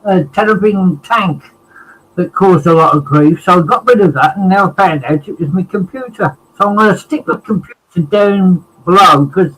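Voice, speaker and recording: A man's voice: high voice, normal speed, a bit bright, husky, rough recording. A man joining a chat from his computer at home on a laptop camera mic, hesitant and apologetic. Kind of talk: casual chat.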